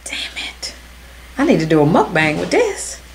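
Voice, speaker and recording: A woman's voice: fairly low pitch, huge pitch swings, a little fast, noisy background. Chatty, slangy young woman reacting. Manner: chatty, slangy, swearing and laughing often. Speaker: reaction video host. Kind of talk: casual reaction commentary.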